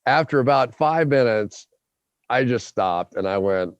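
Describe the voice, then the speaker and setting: A man hosting a podcast, telling a long story in an animated way and acting out his own quotes. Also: medium pitch, unhurried, creaky, no echo, dull audio. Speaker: podcast host.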